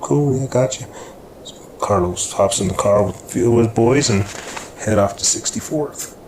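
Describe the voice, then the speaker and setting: A man's voice: lowish voice, normal speed. A man narrating a crime story in a loose, rambling way with fillers. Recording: echoey room with background noise.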